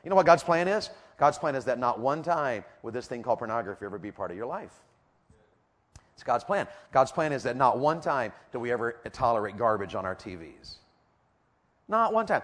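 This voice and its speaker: A man's voice: medium pitch, very animated, fairly quick, fairly bright tone, big-room sound. A middle-aged man preaching a sermon in a church auditorium, drawing the congregation in with rhetorical questions and call-and-response.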